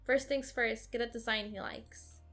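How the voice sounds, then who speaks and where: A woman hosting a let's play, reading a visual novel aloud in an expressive, sarcastic way. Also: a little high, normal speed, faint music behind. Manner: expressive, sarcastic, occasional giggles.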